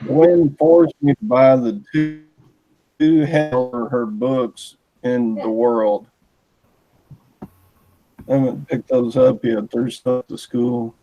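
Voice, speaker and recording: A man chatting on a video call, rambling through a list of items with pauses. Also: mid-range voice, steady tone, dark tone, muffled recording. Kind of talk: casual chat. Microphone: computer mic on a video call.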